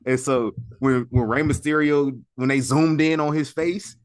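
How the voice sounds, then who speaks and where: A man's voice: a little high, a little slow. Man casually recounting a wrestling show. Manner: storytelling, animated with slang. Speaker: podcast co-host.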